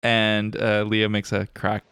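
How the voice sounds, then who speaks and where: Male podcast co-host, low gravelly tone, relaxed recapping, close dry sound. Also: slow, dry recording. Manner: laid-back, laughs often, summarizes scenes. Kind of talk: casual chat.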